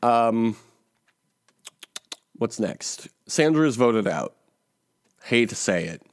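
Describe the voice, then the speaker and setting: A man's voice: medium pitch, expressive, takes it slowly, dry recording, studio quality. A male podcast co-host in casual chat, wry and laughing often, trailing off with ums as he recaps a reality show.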